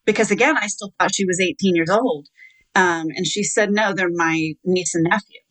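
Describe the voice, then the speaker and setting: A woman telling her own story as an interview guest speaks in a low, slightly bright voice, and the recording is rough. Her manner is measured as she recounts events, using quoted dialogue and hesitant fillers.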